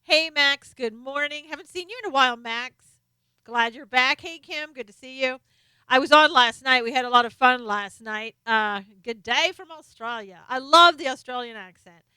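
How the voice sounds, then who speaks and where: A middle-aged woman hosts a casual live stream, chatting while reading out viewers' names and comments, sometimes turned away from her desk microphone. Her high-pitched voice is bright, forceful and smooth, at a moderate pace with no echo.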